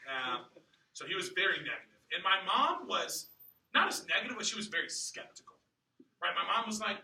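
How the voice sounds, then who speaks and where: Man training new sales staff, very bright voice, echoey room, mic at a distance. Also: high voice, moderate pace, gravelly, a little hiss or hum. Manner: energetic, rhetorical questions to the room. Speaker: sales office manager. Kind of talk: motivational training talk. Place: room with audience.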